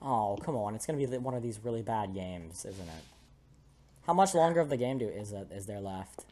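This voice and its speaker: A man's voice: on the low side, lively intonation, brisk, warm tone. A young man casually commentating a game, joking and laughing as he plays. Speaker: let's play host.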